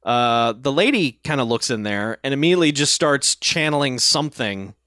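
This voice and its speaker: A man's voice: medium pitch, moderate pace, dry recording, clean studio sound. A man co-hosting a podcast, recapping a horror film in casual chat, laughing often and acting out lines. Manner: animated, laughing, swearing, acts out quotes. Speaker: podcast co-host.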